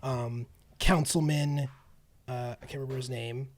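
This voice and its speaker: Man, podcast co-host, wry casual film chat, laughs a lot, mid pitch. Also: fairly even intonation, unhurried. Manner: wry, laughs often, trails off with ums.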